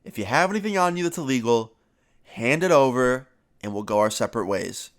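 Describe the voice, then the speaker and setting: A man voicing a friendly small-town police officer who talks in a relaxed, kindly lecturing way. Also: mid-range voice, brisk, close to an everyday voice. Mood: easygoing.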